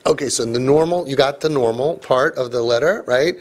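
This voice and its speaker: A man, a parenting coach, speaking to a live audience in an animated, joking way with quick asides. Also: medium pitch, a little hiss or hum. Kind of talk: live parenting seminar talk.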